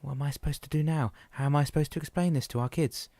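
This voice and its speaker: A man voicing a panicked woman who has lost her husband, pitching his voice up and pleading. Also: fast talker, darkish tone, dry recording, natural voice. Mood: desperate.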